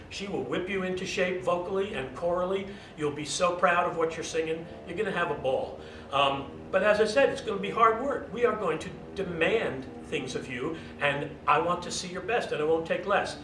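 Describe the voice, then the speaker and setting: A man who directs theater, giving an encouraging but demanding welcome address to young performers. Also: fairly bright tone. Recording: roomy, distant mic, faint rumble.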